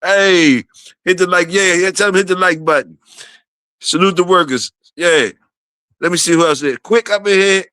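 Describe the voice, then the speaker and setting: A man, his voice bright and a little high, hosts a casual livestream. He keeps shouting out viewers and says his key phrases again and again. The sound is dry and close. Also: moderate pace, clean tone, no room sound. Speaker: livestream host.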